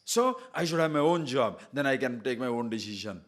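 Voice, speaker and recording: Lecturing earnestly on scripture, this male spiritual teacher organizes his ideas into lists and keeps reminding the audience to listen carefully. He speaks a little fast in an animated, mid-range voice.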